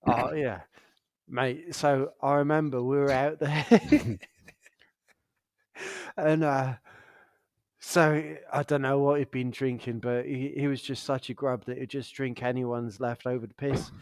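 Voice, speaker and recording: A man's voice: medium pitch, steady tone, a little slow, dry recording, studio quality. A young man co-hosting a podcast, telling rowdy stories in casual chat, laughing often and swearing freely. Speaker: podcast co-host.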